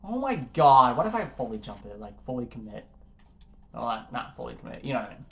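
A man's voice: mid-range voice, expressive, brisk, vocal fry, a bit bright, a little hiss or hum. A young man commentating his own gameplay, frustrated and swearing at the game as he keeps failing jumps. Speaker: gaming YouTuber. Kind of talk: let's play commentary.

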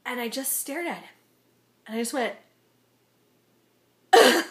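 High-voiced animated woman vlogger. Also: a little slow, noisy background. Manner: animated, self-deprecating, acts out quotes. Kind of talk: casual storytelling vlog.

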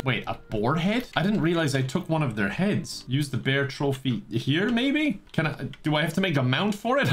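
A young man giving casual, self-mocking commentary while playing a video game, laughing often and yelping high when startled. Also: a bit bright. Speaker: gaming YouTuber.

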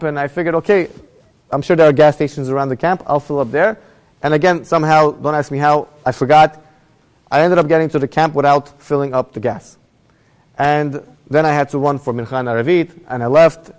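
A man's voice: mid-range voice, a little mellow. A young adult man telling a personal story in a Torah class, his voice rising as the story gets tense. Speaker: rabbi giving a Torah class. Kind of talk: storytelling lecture.

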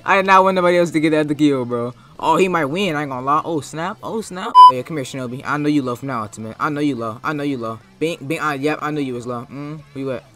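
Young male gaming YouTuber, bright, slightly high voice, hyped slangy trash talk over faint game music. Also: animated, fast. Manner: repeats short catchphrases. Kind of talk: live gameplay commentary.

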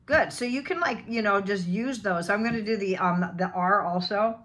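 A woman from the western United States with a General American accent, teaching a pronunciation lesson and drilling sounds slowly and deliberately. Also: mid-range voice, expressive, a bit bright, highs cut off. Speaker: accent coach.

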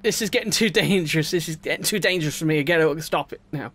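A fairly high-voiced man commentates his survival game as a let's-play host. He chats and jokes, talks straight to the creatures on screen, and swings from hushed nerves to loud bursts of excitement. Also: fast talker, few pauses, no echo. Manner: chatty and jokey, talking to in-game creatures; swings between quiet worry and loud excitement.

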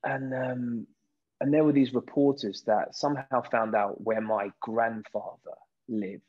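A British man in his thirties, a guest actor in a casual interview, telling lively stories and acting out what people said. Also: medium pitch, unhurried, highs cut off. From Britain. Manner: lively storyteller who acts out quoted voices.

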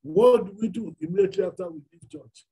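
A man's voice: high voice, fast, warm tone, slightly rough, rough recording. A man with a Nigerian accent preaching a sermon, emphatic and full of rhetorical questions.

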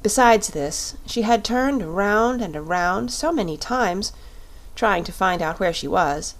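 A woman narrating a classic children's story at a steady pace. Her voice is mid-pitched and clear, suited to a calm audiobook reading. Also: measured pace.

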